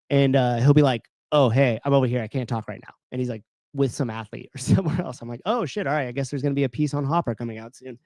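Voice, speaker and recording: A man's voice: mid-range voice, darkish tone, dry recording. A man co-hosting a podcast, chatting casually and rambling with lots of fillers and the odd swear word. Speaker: podcast co-host. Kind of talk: casual livestream chat.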